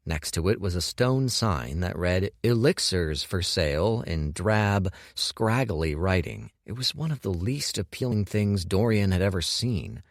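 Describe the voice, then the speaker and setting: A man narrating an audiobook with measured, expressive storytelling on a close studio mic. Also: sits low, dry recording. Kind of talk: scripted narration.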